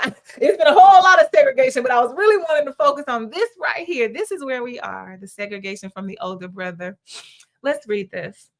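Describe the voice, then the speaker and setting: A woman reverend and host preaching conversationally on a Bible passage, emphatic and colloquial, firing off rhetorical questions. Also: medium pitch. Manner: colloquial, with repeated restarts.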